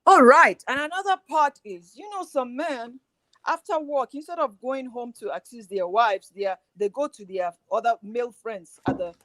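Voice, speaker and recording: A woman of middle age speaks in a high voice that sits dry and close to the mic. She tells her stories with energy and acts out what people said. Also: normal speed, no room sound. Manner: animated storytelling, acting out quoted dialogue. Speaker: guest on a relationship talk show. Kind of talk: casual chat.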